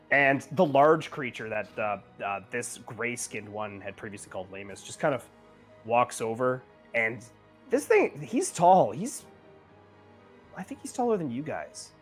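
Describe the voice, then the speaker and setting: Game master, male, animated pitch, loose filler-heavy narration.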